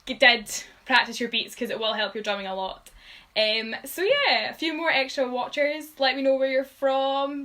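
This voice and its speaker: A woman's voice: on the high side, pushed and bright, rough recording. A woman giving a live-streamed drumming lesson, patiently counting beats aloud with frequent ums. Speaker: drum tutor.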